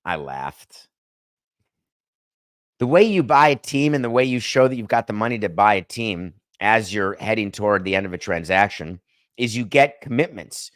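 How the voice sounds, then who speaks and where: In this brisk, dry studio recording, a man runs a one-man sports podcast. His monologue is conversational and sardonic, drifting off on tangents, with abrupt jumps in pitch whenever he wants to hammer something home.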